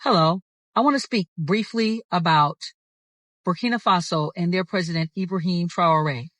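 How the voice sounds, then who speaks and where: An American woman giving an earnest, deliberate prepared statement. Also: on the low side, a bit bright, no echo. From United States.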